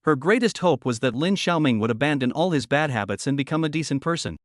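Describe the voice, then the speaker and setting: Male recap narrator, pitched a little high, animated, dry close mic. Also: fast, dry recording. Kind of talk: scripted narration.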